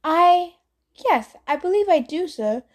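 Brief: prim, stiff older teacher lady, high and clipped, as a reader puts her on. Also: expressive, normal speed, a little mellow. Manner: dazed, then stiffly formal. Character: stiff older military schoolteacher woman.

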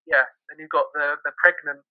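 A man hosting a film podcast, explaining plots in a measured way and leaning on "you know". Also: fairly high pitch, fairly even intonation, no echo, phone-quality sound. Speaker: podcast host. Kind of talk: casual film chat.

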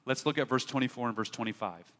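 A man preaching a sermon, telling stories and building to emphatic, animated peaks. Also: medium pitch, fast talker, in a large hall. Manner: storytelling, rising to emphatic peaks. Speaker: pastor.

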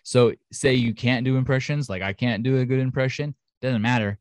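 A man's voice: medium pitch, a little fast, dry recording. A man co-hosting a podcast in casual chat, talking in a chatty, enthusiastic way with lots of fillers. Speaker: podcast co-host. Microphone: home studio mic.

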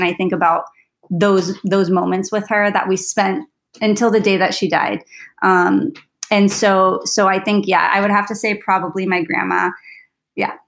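Chatty woman podcast co-host. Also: medium pitch. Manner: chatty and reflective, many fillers like "like". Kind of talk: casual chat.

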